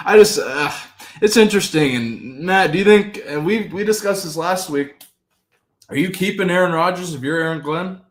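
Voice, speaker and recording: Easygoing male sports co-host. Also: sits high. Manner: easygoing, agreeable, quick to laugh. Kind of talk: casual sports talk.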